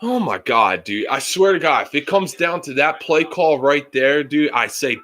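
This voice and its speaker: Calling a football game live on his stream, this man breaks from play-by-play into angry, swearing outbursts over the play calling. His fairly high, expressive voice is fairly bright, and he talks at a normal speed with few pauses.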